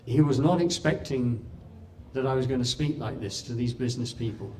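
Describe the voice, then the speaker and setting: A man giving a talk in an impassioned storytelling way, with dramatic pauses. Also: medium pitch, a little mellow, distant mic, a little hiss or hum. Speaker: speaker at a talk. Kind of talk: storytelling speech.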